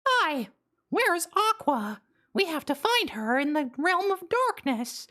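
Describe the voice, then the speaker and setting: A woman puts on a cartoon mouse hero in a high, slowed-down voice. The delivery is flat and droning, a deliberate mocking impression rather than a lively one. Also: heavily acted. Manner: mocking impression, slow and monotone.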